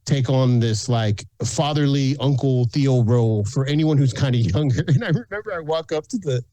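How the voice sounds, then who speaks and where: A guest on a podcast, this Texas food content creator from San Antonio tells easygoing stories at a moderate pace, playing out the people he quotes and laughing frequently. His mid-range voice is expressive and mellow, with no echo.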